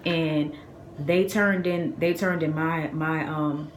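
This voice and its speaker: A young woman with a Boston accent telling a casual storytime, slangy and animated, acting out quotes in a raised voice. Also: on the low side. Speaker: vlogger. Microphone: phone camera. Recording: echoey room with faint ambient noise.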